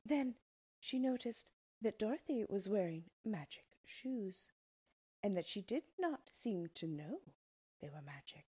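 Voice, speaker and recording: Slow, breathy woman reading a storybook. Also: mid-range voice. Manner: expressive, unhurried. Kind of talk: storybook read-aloud.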